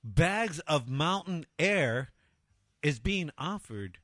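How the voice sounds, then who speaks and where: A middle-aged man co-hosting a radio talk show, animated and joking, swearing freely in casual banter. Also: fairly high pitch, slow pace, dry recording, clean studio sound. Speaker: co-host.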